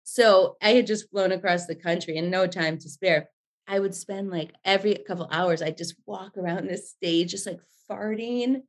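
Animated chatty woman in her forties. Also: mid-range voice, moderate pace. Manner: animated, chatty, swears freely. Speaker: guest. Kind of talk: casual storytelling chat.

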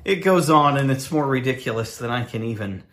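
A man's voice: medium pitch, expressive, fairly quick, a bit bright, slight background noise. A man co-hosting casual radio banter in a sardonic, mock-pompous way. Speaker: co-host.

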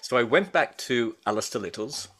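A middle-aged man with a bright, forceful tone tells stories in a loose, rambling way. He talks at an ordinary middle pitch and keeps stopping to restart his sentences. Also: animated, moderate pace. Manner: rambling, hesitant, many restarts and fillers. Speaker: guest, baker and food writer. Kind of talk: casual conversational interview.

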